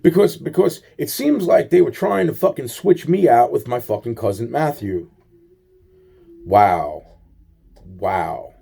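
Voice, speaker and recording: A man's voice: on the high side, lively intonation, moderate pace, vocal fry, few pauses, warm tone, husky. A man telling a rambling, aggrieved personal story in a monologue, swearing often and repeating himself. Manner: profane, repetitive, aggrieved storytelling.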